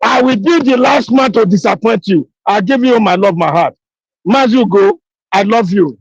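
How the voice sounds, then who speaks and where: A woman's voice: mid-range voice, moderate pace, husky, no echo, lo-fi sound. A woman, speaking emphatically in a live audio chat, repeating herself and pleading. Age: 50s. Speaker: caller on an audio space.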